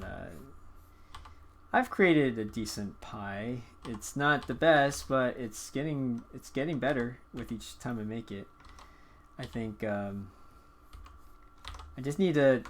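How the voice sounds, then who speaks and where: A man's voice: fairly low pitch, a little hiss or hum. A man hosting a live drawing stream, chatting casually and rambling with lots of filler words as he sketches. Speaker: drawing livestream host. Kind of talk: casual chat while drawing.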